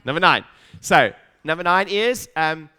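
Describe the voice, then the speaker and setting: A man's voice: a little high, expressive, a little slow, bright, forceful tone, smooth. A middle-aged man speaking on stage at a seminar, emphatic and repetitive, acting out his own doubting inner voice and putting questions to the audience. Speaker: speaker at a practice-building seminar. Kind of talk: motivational stage talk.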